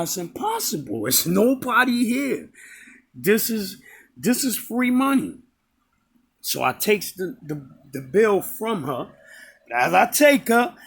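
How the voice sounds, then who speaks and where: A man's voice: high voice, fairly bright tone, husky. A man telling a personal story in a casual, rambling way, often stopping to correct and repeat himself. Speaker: storyteller recounting a personal encounter.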